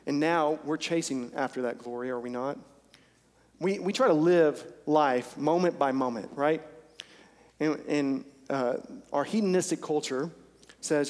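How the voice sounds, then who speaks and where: A man's voice: fairly high pitch, unhurried, darkish tone. Intense preacher man in a reverberant hall. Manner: earnest, intense, repeats phrases for emphasis. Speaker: pastor. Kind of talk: sermon. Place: church sanctuary during a service. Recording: long church hall reverb.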